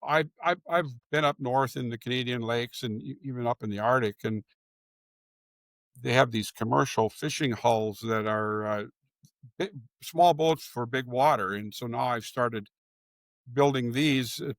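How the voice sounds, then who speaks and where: A man's voice: mid-range voice, measured pace, no room sound. An older man, a former executive, telling stories in a conversational interview, often restarting his sentences. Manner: storytelling with frequent restarts.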